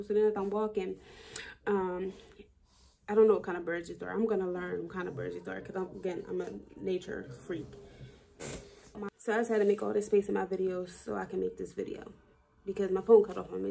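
A woman's voice: medium pitch, steady tone, normal speed, gravelly, darkish tone. A woman talking through a personal daily video diary in a reflective, rambling way, with many fillers and restarts. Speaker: vlogger.

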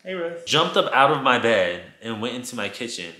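Male vlogger, bright edgy voice, echoey room, dramatic profane storytime delivery. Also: medium pitch, normal speed. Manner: animated, profane, dramatic storytelling addressing viewers. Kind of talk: casual storytime vlog. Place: his apartment.

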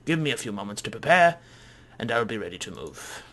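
A man's voice: medium pitch, very animated, brisk, gravelly, a bit bright, pitched below the performer's own voice. A man voicing a pompous, grandiloquent male scholar and explorer in an odd put-on voice. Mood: grandiose.

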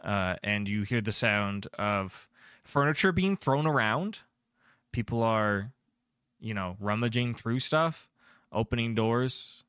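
Low-voiced man narrating as game master. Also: animated, a bit bright, clean tone, dry recording, studio quality. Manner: descriptive, chatty, fills pauses with um and uh.

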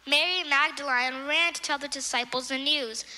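A woman narrates a children's Bible story in simple, clear sentences. Her voice sits high and sounds very bright, and a long reverb from the church hall hangs behind her words. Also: normal speed.

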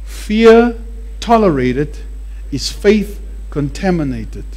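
A man preaching a sermon with animated emphasis, often repeating words to drive a point home. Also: high voice, takes it slowly.

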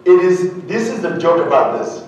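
A man from Uganda telling a humorous, animated story to an audience, often asking them questions. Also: high-pitched, normal speed. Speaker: speaker. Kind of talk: storytelling keynote talk. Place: large hall with an audience. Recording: very echoey hall, heard from a distance.

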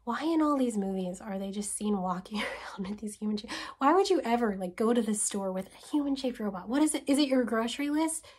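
A woman host talking to camera in a casual, animated and sarcastic way, firing off rhetorical questions and sometimes dropping to a whisper. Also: fairly high pitch, quick pace, hardly any pauses, breathy edge. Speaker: video essayist host. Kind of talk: casual spoken commentary.

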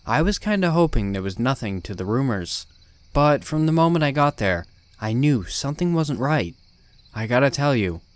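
A man's voice: medium pitch, no echo. Blunt man narrating a horror story. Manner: blunt, swearing, tough-guy first-person telling.

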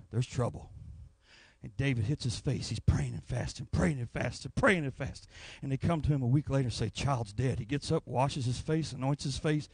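Gravelly husky preacher man, lively delivery. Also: mid-range voice, no echo. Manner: storytelling, rising to anguished shouts. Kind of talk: sermon. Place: church sanctuary.

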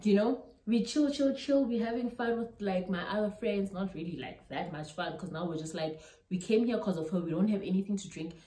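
A young South African woman with a South African accent tells a storytime vlog in animated style, mixing local-language words into her English. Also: medium pitch, brisk. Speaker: YouTuber. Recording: roomy echo.

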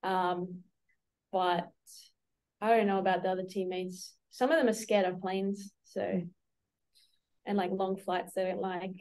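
A woman's voice: mid-range voice, steady tone, unhurried, long pauses, darkish tone. A young woman with an Australian accent, a college basketball player answering interview questions in an easygoing, chatty, teasing way over a video call. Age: young adult.

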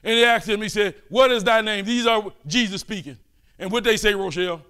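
An older man preaching a fervent sermon, calling out and pleading with his listeners between quieter asides. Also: high voice, fairly quick, clear, resonant tone.

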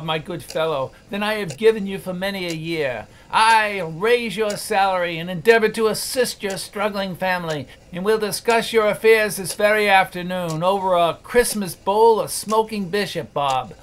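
A man voicing an elderly miser turned jubilant and generous, exuberant and playfully gruff, in an audiobook reading. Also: high voice, lightly acted. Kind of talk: audiobook character voice.

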